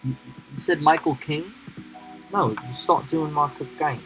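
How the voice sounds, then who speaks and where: A man's voice: a little high, measured pace, over music, lightly acted, low-quality recording. Man doing a swaggering London drug dealer. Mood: pushy. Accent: put-on London accent slipping toward Australian. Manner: pushy tag questions, crude and swaggering. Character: gruff touchy male London drug dealer, middle-aged. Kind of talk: comic impression in a live stream.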